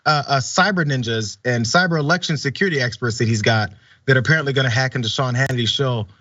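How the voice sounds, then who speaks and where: A man's voice: mid-range voice, quick pace, pushed and bright, no echo, highs cut off. A man hosting a news commentary show, talking in a sarcastic, conversational way. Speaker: host.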